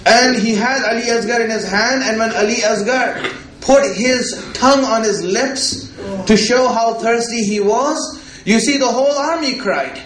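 A man's voice: very high voice, unhurried, a bit bright. A man preaching a religious sermon, repeating himself and asking "right?" as he goes. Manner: repetitive, rhetorical, often asks "right?". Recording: echoey room.

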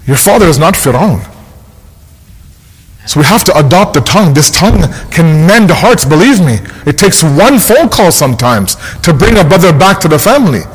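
Man, imam, sermon, high lively voice, husky edge, long hall reverb. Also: normal speed. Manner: earnest, emphatic, repeats key phrases.

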